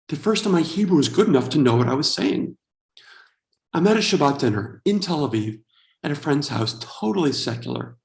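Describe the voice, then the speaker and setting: A man's voice: fairly high pitch, echoey room. A man in his forties from the United States, doing a wry, self-deprecating stand-up comedy set. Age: 40s.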